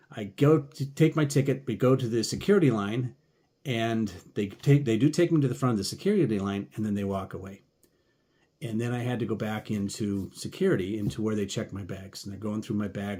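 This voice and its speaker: Husky low-voiced man telling a travel story. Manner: animated retelling, acting out both sides of conversations. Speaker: podcast host. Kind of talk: casual storytelling.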